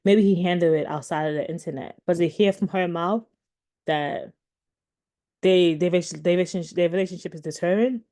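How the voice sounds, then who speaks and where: A woman's voice: fairly low pitch, brisk, dark tone. A woman in her thirties giving casual commentary to her viewers, rambling with many restarts and fillers. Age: 30s. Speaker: commentary vlogger.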